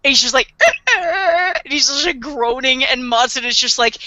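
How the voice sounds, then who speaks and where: A woman's voice: sits high, a little slow, bright, forceful tone, no room sound, lo-fi sound. A woman casually recapping an anime with a co-host, acting out the characters' lines and laughing often. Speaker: podcast co-host.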